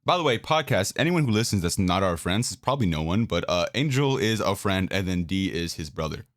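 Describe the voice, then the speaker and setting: A man's voice: low-pitched, animated, a little fast, fairly bright tone. A young man co-hosting a casual podcast chat, laid-back and jokey, steering the conversation. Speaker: podcast co-host.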